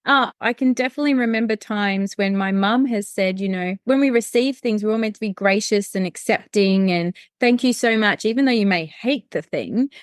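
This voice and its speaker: A woman's voice: medium pitch, moderate pace, few pauses, clean tone, no room sound, studio quality. Affirming woman hosting a podcast. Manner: warm, affirming listener with frequent agreement. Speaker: podcast host. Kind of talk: casual podcast interview.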